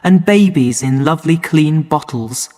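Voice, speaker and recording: A man narrating a story for English learners in a slow, clear and measured way. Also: fairly high pitch, darkish tone. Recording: long hall reverb.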